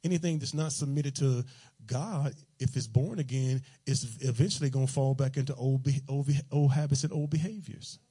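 A man's voice: mid-range voice, moderate pace, warm tone, breathy edge. A man preaching a sermon in a loose, conversational, joking way, full of everyday slang.

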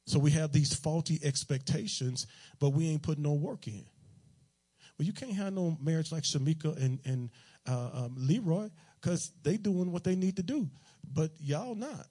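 A man's voice: fairly high pitch, moderate pace, dark tone, slightly rough. A man preaching a sermon in a loose, conversational, joking way, full of everyday slang.

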